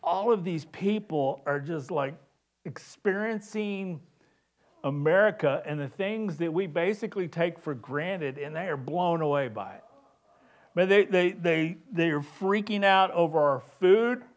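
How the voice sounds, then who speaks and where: Slow-talking conversational male preacher. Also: fairly high pitch. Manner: conversational, repeats words while building a point. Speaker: pastor. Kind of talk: sermon.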